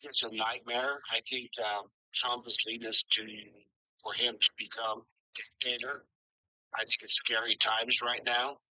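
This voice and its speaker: A man's voice: mid-range voice, little pitch movement, measured pace, pushed and bright, no room sound, rough recording. A man in his sixties calling in, earnest and worried, speaking plainly. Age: 60s. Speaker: caller. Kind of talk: casual call-in chat.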